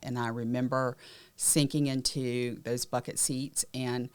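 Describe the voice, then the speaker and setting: A woman with a Southern accent, candidly recounting her personal story in a podcast conversation, often dropping to quiet, emotional tones. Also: extremely low pitch, level tone, measured pace, smooth. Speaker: podcast co-host sharing her survival story.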